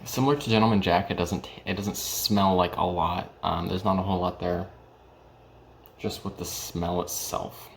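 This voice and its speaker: A man's voice: low-pitched, steady tone, normal speed, a little hiss or hum. A young man in his early twenties chatting casually in a home vlog, hesitant and full of ums and restarts. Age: young adult. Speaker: vlogger reviewing whiskey.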